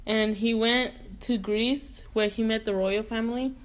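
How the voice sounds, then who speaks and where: A woman tells a comedic history story in a silly, casual way and slips in jokes as she goes. Her voice sits a little high for a woman. It sounds like a playful retelling for an online video. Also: fairly even intonation, a little slow. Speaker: narrator.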